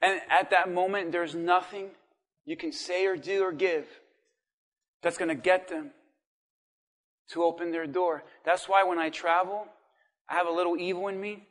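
A male pastor preaching a sermon, acting out the cries of people with sudden shouts. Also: high-pitched, steady tone, normal speed, pauses often. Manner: dramatic, acts out voices of people in hell.

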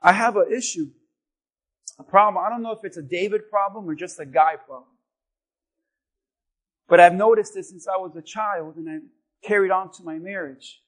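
A man preaching a sermon as pastor, telling stories animatedly and swinging between loud bursts and hushed lines. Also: high voice, normal speed, long pauses.

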